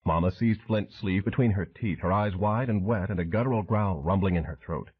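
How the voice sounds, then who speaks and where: A man's voice: sits low, a little fast, slightly rough. A man narrating an audiobook thriller with dramatic storytelling. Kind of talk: scripted narration. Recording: tinny phone-like audio.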